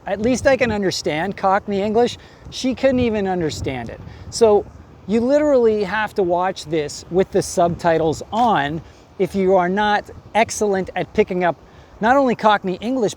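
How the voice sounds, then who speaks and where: A man reviewing a movie in a relaxed, rambling vlog style, full of fillers and quick laughs. His voice sits a little high, with faint noise in the background. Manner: rambling, chatty, laughs often. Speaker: movie reviewer and acting coach.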